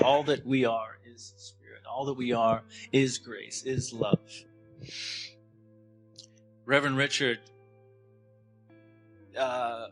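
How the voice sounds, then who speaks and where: A man in his thirties giving a spiritual talk in a gentle, halting way, often restarting his sentences. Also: mid-range voice, poor audio. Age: 30s. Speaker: spiritual speaker.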